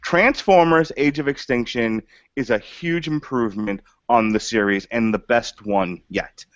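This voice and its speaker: A man co-hosting a podcast, chatting casually through a movie review, animated, laughing often and restarting his sentences. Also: mid-range voice, a little slow, no room sound. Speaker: podcast co-host. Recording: dull lo-fi dry audio.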